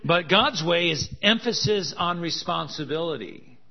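A man's voice: fairly high pitch, expressive, unhurried, vocal fry, husky. A man preaching a sermon, with joking, laughing asides and emphatic contrasts that build in intensity. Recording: dull lo-fi sound.

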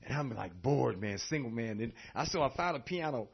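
A man preaching a sermon, telling stories in an animated way and laughing often. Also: mid-range voice, brisk, gravelly, breathy edge. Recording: dull lo-fi recording.

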